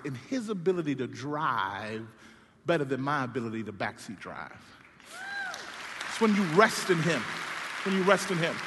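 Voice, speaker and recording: A man's voice: fairly high pitch, sharp tone. A man preaching a comedic sermon, telling stories with playful, self-deprecating asides, from a stage in a large church sanctuary. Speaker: pastor. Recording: long hall reverb.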